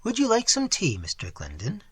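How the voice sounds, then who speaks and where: A prim, faintly disapproving English wife, as a male reader puts her on. Her voice sits high and bright, with a husky edge. She speaks with careful, genteel propriety. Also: huge pitch swings, moderate pace, no room sound, heavily acted. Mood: polite. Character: prim, proper middle-aged English wife.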